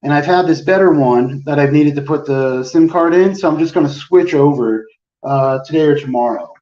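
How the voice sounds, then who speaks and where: At normal speed, a man with a mellow, slightly high voice rambles through an exasperated story, quoting and acting out each person in it during casual conversation. An adult, he's had a phone plan since the early 2000s. The recording sounds distant, roomy, and dull lo-fi.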